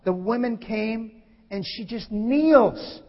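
Male preacher, high-pitched, animated sermon delivery; dull hall recording with long reverb. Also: slow. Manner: animated, acts out scripture quotes with sudden loud shifts. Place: church hall.

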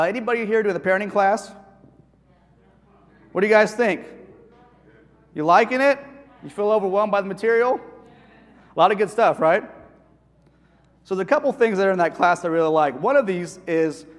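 High-voiced pastor in a reverberant hall. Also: male voice, moderate pace, pauses often. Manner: animated, asks the congregation questions. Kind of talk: conversational sermon. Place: church hall.

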